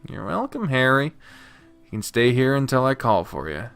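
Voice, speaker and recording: A man's voice: mid-range voice, big pitch swings, normal speed, clear, resonant tone, faint music behind. Casual man reading a game aloud. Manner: casual, swears freely, reads the narration softly, then breaks out into loud commentary. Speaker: game streamer. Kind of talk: reading a visual novel aloud with commentary.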